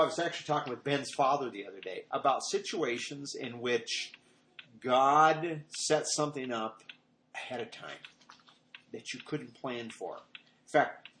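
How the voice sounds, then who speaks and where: A man's voice: mid-range voice, a bit bright. A middle-aged man giving an informal sermon, rambling through personal stories and acting out what people said. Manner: conversational, rambling, acts out quoted lines in a raised voice. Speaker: pastor. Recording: echoey room with faint noise.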